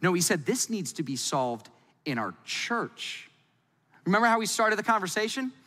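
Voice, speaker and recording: Bright-voiced man preaching in a reverberant hall. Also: high-pitched, normal speed. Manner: lively, playful, conversational preaching. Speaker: pastor. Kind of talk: sermon.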